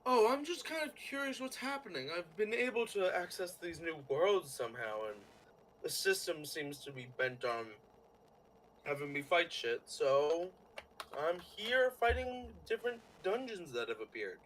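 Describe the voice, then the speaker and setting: A man voicing a calm, nonchalant young man who commands shadows in a tabletop game, speaking low and unbothered. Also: normal speed, slight background noise, poor audio.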